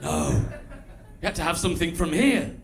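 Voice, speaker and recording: Lively Stoke-on-Trent man doing stand-up. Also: fairly high pitch, moderate pace. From England. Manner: chatty and wry, with bursts of loud mimicry. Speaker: stand-up comedian. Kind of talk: stand-up comedy set. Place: comedy club stage before a live audience.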